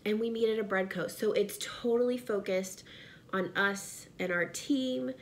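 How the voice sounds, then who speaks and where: A woman's voice: medium pitch, unhurried. A pregnant woman, talking earnestly and directly to viewers in a casual vlog from her home office. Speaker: vlogger and direct sales seller.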